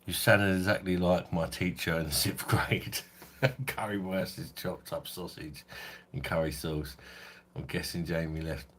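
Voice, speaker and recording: A middle-aged man with a London accent softened by years in Kent, hosting a casual live stream and answering viewers by name with swearing and frequent laughs. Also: fairly even intonation, measured pace, slight background noise. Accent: London English, softened by years in Kent. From London, England. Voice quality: husky deep voice. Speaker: host of a beer review channel livestream.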